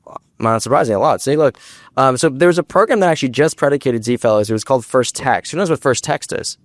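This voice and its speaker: Speaking in a mid-range voice, a young American startup founder performs fast, lively stories on stage for a large live audience, voicing the quotes as he goes. He's there as a guest speaker, and the sound is dry and clean, like a studio.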